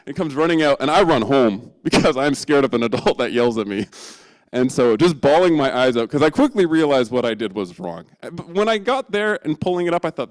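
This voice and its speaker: Animated man telling a sermon story. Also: mid-range voice, fairly quick. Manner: animated, self-deprecating storytelling. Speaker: preacher. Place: church.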